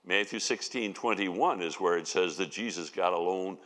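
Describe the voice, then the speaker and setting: With a deep, fairly bright voice at a moderate pace, a man acting as a Bible teacher tells the story in a conversational sermon sprinkled with folksy asides. The sound echoes with the long reverb of a church sanctuary.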